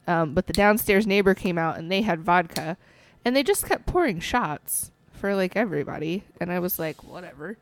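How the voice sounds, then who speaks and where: A woman's voice: on the low side, animated, moderate pace, hardly any pauses. A woman in her twenties co-hosting a casual podcast, rambling with lots of ums and giggles. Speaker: podcast co-host. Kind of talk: casual chat.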